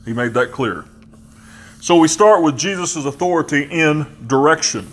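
A man's voice: on the high side, a bit bright. Emphatic man preaching a sermon. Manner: measured, emphatic preaching with slowed key phrases; conversational asides with fillers. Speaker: pastor.

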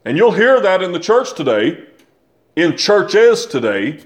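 An older man delivers a sermon in a fairly high voice. He speaks slowly and deliberately, leans on repeated phrases and puts rhetorical questions to his congregation. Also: very animated. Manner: asks the listeners rhetorical questions. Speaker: preacher.

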